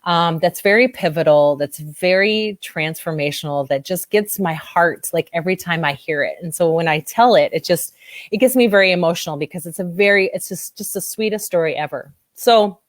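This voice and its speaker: A woman's voice: normal speed, dry recording, clean studio sound. Teary, gushing woman coach. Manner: emotional, gushing, quotes herself in high exclamations. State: teary-eyed. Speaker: body-image coach. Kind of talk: podcast interview guest telling a story.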